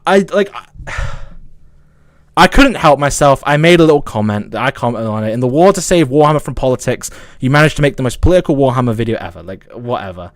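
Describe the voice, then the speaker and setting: A man with a Southern English accent, streaming and ranting casually, swearing, angry and excitable, with a stutter. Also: mid-range voice, fast, no echo. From south of England. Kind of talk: casual livestream rant.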